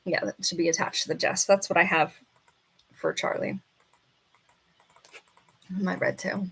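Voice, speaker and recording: A woman on a casual live stream, reading quiz questions aloud and arguing with the answers, and now and then talking softly to her bird. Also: on the low side, fairly even intonation, measured pace, long pauses, husky. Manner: chatty, reads questions then argues with the answers. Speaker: falconer streamer.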